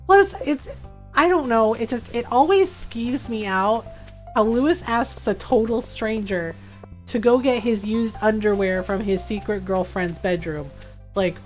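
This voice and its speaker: A woman streaming a farming game, chatting casually and playfully with frequent giggles. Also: a little high. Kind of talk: casual gameplay commentary.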